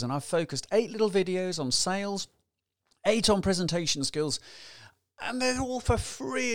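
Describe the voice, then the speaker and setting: Man, motivational business trainer, chatty and energetic, rhetorical questions, higher voice, dry sound. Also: dry recording.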